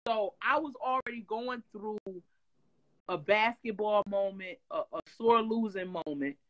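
A woman from Detroit telling stories in a casual interview, animated and profane, loudly acting out what people said. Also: medium pitch, measured pace, low-quality recording. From Detroit, USA. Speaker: guest.

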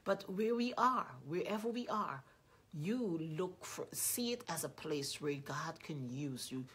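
A woman delivers a sermon in a low, slightly husky voice. She speaks earnestly, repeats her points, and lifts her voice when she acts out prayers. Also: lively intonation, measured pace. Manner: earnest, repetitive, rising loud when quoting prayers. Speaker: preacher.

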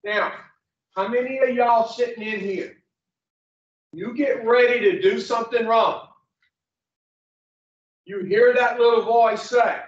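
A man giving a motivational talk to rehab patients speaks slowly and bluntly in an extremely high voice with fairly even intonation. He is preachy, asks the room questions and swears, and the lo-fi recording sounds echoey, distant and dull.

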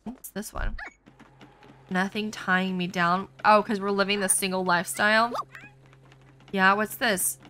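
Woman, let's play host, jokey exclamations, bright tone. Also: mid-range voice, little pitch movement, measured pace, pauses often, a little hiss or hum. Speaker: gaming channel host. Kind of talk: casual let's play commentary.

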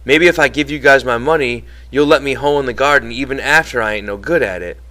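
A man's voice: mid-range voice, expressive, moderate pace, bright, forceful tone, voice pushed up. A man voicing an elderly one-handed ranch hand who talks in an eager, pleading, plain rural way.

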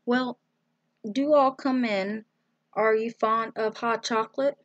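A plump, motherly woman who fusses kindly over everyone, as a woman reads her part. Her voice sits high and bright. The recording is dry and close. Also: steady tone, slow pace, no room sound, lo-fi sound.

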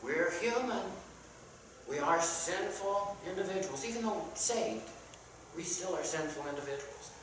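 A Sunday school teacher with a bright, sharp-edged voice talks through a Bible lesson in a casual, halting way, with plenty of "uh"s and questions for the class. The scripture passages come in old King James wording. The voice bounces around a very echoey church room, picked up from well away from the mic with a faint hiss underneath. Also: mid-range voice, lively intonation, far from the mic. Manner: conversational, asks the class questions, many "uh"s.

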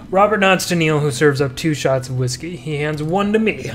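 A young man with a slightly high voice reads a dating game's text aloud. He drops quick, playful asides between the lines. Faint game music plays underneath. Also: expressive. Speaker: let's-play gamer. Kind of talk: reading game text with joking commentary.

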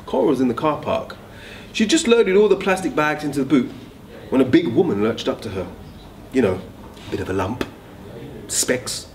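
Lively man telling a tale. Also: mid-range voice, a little hiss or hum. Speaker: school staff reader. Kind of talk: reading a story aloud.

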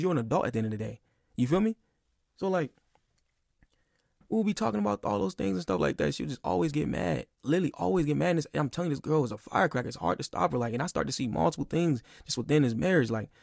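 A man's voice: fairly high pitch, creaky, darkish tone, dry recording, clean studio sound. A man in his twenties venting in a casual, emphatic, profane monologue that keeps circling back on itself. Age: 20s. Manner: emphatic, profane, repeats himself. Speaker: podcast guest.

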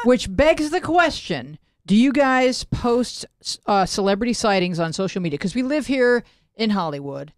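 A woman's voice: a little high, lively intonation, moderate pace, no room sound, studio quality. A woman hosting a casual talk show, telling stories in a chatty way. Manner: storytelling, chatty. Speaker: host. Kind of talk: casual chat. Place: Los Angeles area.

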